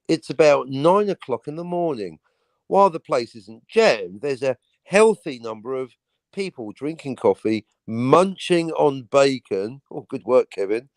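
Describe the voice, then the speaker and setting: A man's voice: medium pitch, a little mellow, dry recording. A man hosting a casual livestream, reading a screenplay aloud with frequent asides. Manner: reads aloud with asides and fillers like "all right". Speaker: livestream host.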